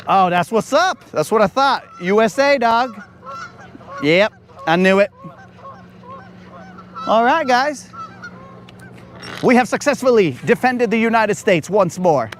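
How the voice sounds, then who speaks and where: High voiced guy chatting bro-style to his stream from a boat, kinda raspy. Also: animated, slow pace, pauses often, slight background noise. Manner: slangy, joking, talks to chat as bro and dog. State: slightly raspy from talking. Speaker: fishing live streamer. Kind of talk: casual live-stream chat. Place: on a boat on a lake, outdoors.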